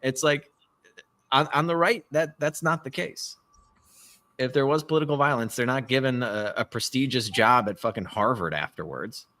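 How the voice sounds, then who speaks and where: A man's voice: medium pitch, moderate pace, pushed and bright. Swearing, rambling male podcast host. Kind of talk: casual political chat. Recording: live stream call.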